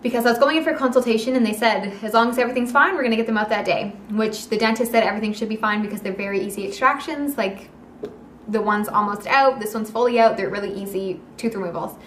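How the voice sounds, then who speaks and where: Fast-talking young woman telling a story. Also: on the high side, a little hiss or hum. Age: young adult. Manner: animated, acts out quoted dialogue. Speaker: vlogger. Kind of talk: casual storytelling vlog. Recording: echoey room.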